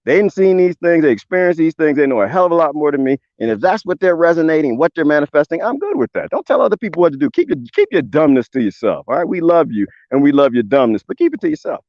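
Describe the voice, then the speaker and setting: A man, ranting loudly in a casual livestream with folksy swearing. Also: on the high side, fast, hardly any pauses, dry recording. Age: 20s. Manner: loud, animated, swearing, folksy drawl. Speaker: livestream host. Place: outdoors on a homestead. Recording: dull lo-fi dry sound.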